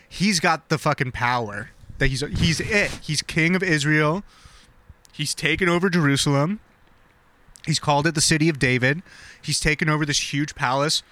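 A man's voice: fairly high pitch, bright, forceful tone, no echo. A young man casually retelling a story with slang and swearing, laughing and acting out the characters. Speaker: podcast host retelling a story.

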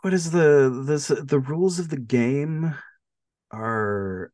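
This podcast co-host has a higher, darkish voice and speaks slowly. Recapping a movie in easygoing chat, he stays animated, laughs frequently, and uses plenty of fillers.

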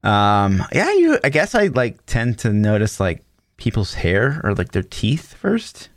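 A man with a very deep voice that swings widely in pitch, tossing out teasing, wry reactions. His close mic sounds dry, with no room echo. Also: huge pitch swings, unhurried. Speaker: podcast co-host. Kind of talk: casual chat.

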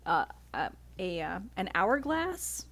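A woman co-hosting a podcast in casual chat, talking fast and laughing often as she recaps movie plots. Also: fairly low pitch, big pitch swings, fairly bright tone. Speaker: podcast co-host.

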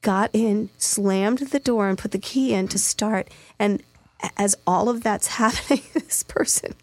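A woman guest on a radio talk show, telling a story in a halting, giggly way with many fillers. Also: mid-range voice, a little mellow, no room sound. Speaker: guest co-host. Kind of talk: casual radio chat. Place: radio studio.

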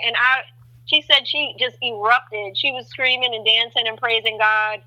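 A woman guest sharing a faith testimony in conversation, an animated storyteller who acts out what people said. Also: a little high, normal speed, rough recording.

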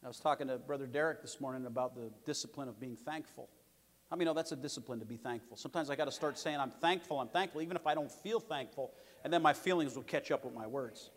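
A man preaching a sermon as pastor, emphatic and repetitive, swinging between loud declarations and quieter asides. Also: mid-range voice, quick pace, big-room sound.

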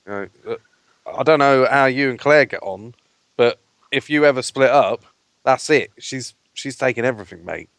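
A man's voice: mid-range voice, moderate pace, a bit bright, no echo. A man co-hosting a casual podcast, bantering crudely and reading listener letters aloud.

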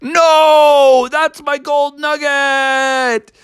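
Storybook boy hero, high and startled, eager to a fault, as the storyteller puts him on; dry, close sound. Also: sing-song, measured pace, no room sound, exaggerated voice. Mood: excited. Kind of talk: improvised spoken storytelling.

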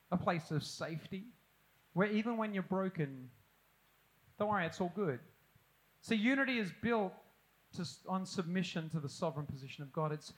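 A middle-aged man preaching a sermon, animated and self-deprecating with humorous asides. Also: high voice, poor audio. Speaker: pastor.

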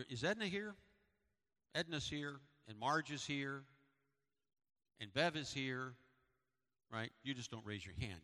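A man's voice: mid-range voice, sharp tone. A middle-aged man, a pastor, giving a sermon and church announcements in a conversational, storytelling way with repetitions. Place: church sanctuary. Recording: long hall reverb.

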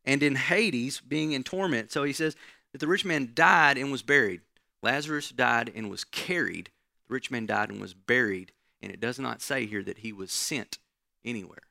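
Gravelly, bright-voiced preacher man. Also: medium pitch, normal speed, no echo, studio quality. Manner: conversational teaching, frequent "right?" asides. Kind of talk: sermon.

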